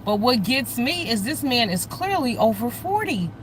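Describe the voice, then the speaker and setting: A woman from the United States hosts a casual livestream and talks straight to her viewers. She is blunt and profane, gossiping at a lively clip. A faint hum of vehicles sits behind her voice. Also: on the high side, normal speed. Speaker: livestream host.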